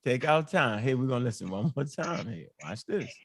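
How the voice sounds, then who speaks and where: A man's voice: medium pitch, big pitch swings, normal speed, fairly bright tone, slight background noise. A man hosting a casual reaction show, laughing and incredulous, talking in loose slang. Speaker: host reacting to a clip.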